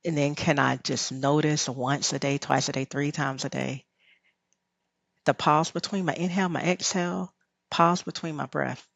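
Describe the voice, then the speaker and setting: A woman's voice: deep voice, steady tone, moderate pace, gravelly, no echo. A woman with a Southern US drawl, a rest teacher and podcast guest, talking in a reflective, guiding way and laughing often. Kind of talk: podcast conversation.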